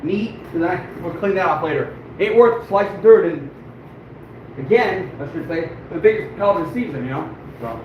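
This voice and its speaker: High, lively man swearing in an echoey room. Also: moderate pace, dull audio. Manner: swears often, talks to viewers as he works; frustrated and self-deprecating. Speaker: fur trapper. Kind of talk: casual live-stream demonstration. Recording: echoey room, mic far off, background noise.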